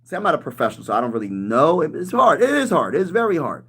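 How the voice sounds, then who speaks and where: Slangy, excitable man livestreaming sports. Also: a little high, fast, slightly rough. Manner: loose, slangy, repeats "bro" and "respectfully"; shouts in bursts when riled up. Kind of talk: casual livestream chat reading comments.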